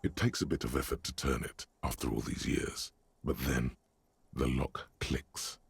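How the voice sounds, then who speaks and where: A game narrator, very deep, gravelly, measured. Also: male voice, steady tone, no echo, full character voice. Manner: measured, literary description. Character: omniscient male narrator, detached and descriptive.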